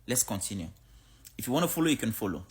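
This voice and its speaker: Casting: outspoken African-born woman creator, lively pitch, speaks bluntly to camera. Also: fast talker. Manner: blunt, outspoken, animated storytelling. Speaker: social media creator. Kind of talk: casual opinion monologue to camera.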